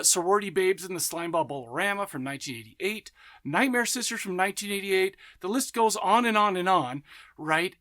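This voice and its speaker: High-voiced enthusiastic rambling man. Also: bright, forceful tone. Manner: enthusiastic, rambling, self-interrupting; laughs and acts out voices in anecdotes. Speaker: podcast host. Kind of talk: casual monologue.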